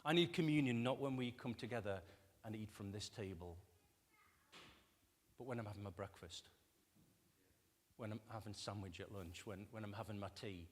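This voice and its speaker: In a church hall with long reverb and slight background noise, a pastor with a lowish voice preaches at normal speed, pausing often. He speaks conversationally, asks his congregation rhetorical questions, and acts out quoted voices with lively shifts.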